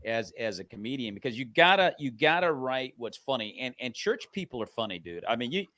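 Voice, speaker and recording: A man's voice: medium pitch, sing-song, brisk, a crowd in the background. A man hosting an interview show, chatting in an emphatic, buddy-like way. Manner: emphatic and chummy, says "dude" and "man". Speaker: show host. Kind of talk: casual interview chat.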